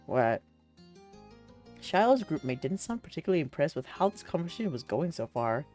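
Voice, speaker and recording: A woman streamer reading a visual novel aloud, lively and quick to laugh. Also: sits low, faint music behind.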